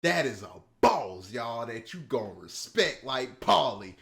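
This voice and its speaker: Excitable man reacting to a show. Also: medium pitch, measured pace, creaky. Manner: excitable, addresses viewers as y'all, drifts between hushed musing and loud hype. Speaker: reaction video host. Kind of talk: casual reaction commentary.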